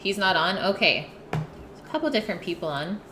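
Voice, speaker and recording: A woman's voice: mid-range voice, animated, fairly quick. A woman hosting a live cooking stream, chatting casually with her viewers between bites and reading their messages aloud. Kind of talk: casual chat with viewers while eating. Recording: roomy, noisy home stream audio.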